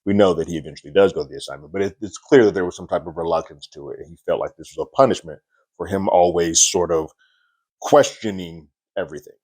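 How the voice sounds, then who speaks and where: A man's voice: low-pitched, fast talker, darkish tone, slightly rough. A man casually recapping a TV episode, talking loosely with lots of "like" and restarts. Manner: loose, chatty retelling with frequent "like" and restarts. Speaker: TV reviewer.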